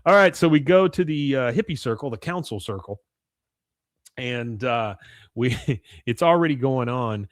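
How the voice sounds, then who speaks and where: Man, podcast host, casual recap, quotes characters, laughs often, middle pitch, dry close sound. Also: lively intonation, unhurried, no room sound. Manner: retells scenes quoting characters with laughs. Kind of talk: casual chat.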